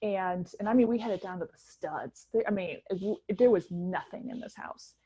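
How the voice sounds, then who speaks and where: A middle-aged woman, telling her story as a guest in a casual interview, animated and chatty with many restarts. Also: mid-range voice, moderate pace, breathy edge, muffled recording. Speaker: guest chef.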